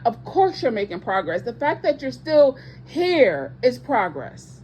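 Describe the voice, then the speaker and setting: A woman's voice: high-pitched, big pitch swings, unhurried, hardly any pauses, a little mellow, a little hiss or hum. A woman preaching with passion to online viewers as a ministry host, emphatic and repeating her points, with speech patterns and casual asides.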